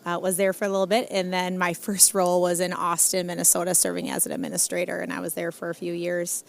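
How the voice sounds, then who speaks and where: Woman in her forties, lowish gravelly voice, calm and measured interview guest. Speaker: senior care executive. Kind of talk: casual conversational interview.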